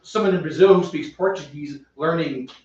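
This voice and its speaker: A man's voice: a little high, normal speed, darkish tone. A man co-hosting a casual homebrewing podcast, easygoing and laughing along with jokes. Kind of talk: casual banter. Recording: echoey room, distant mic, dull lo-fi sound.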